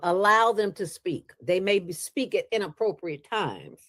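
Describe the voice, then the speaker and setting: A woman as an interview guest, talking in a playful, preachy way with sudden jumps in pitch. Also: expressive, a little slow, a bit bright, no room sound. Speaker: interview guest, nonprofit founder. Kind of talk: casual interview talk.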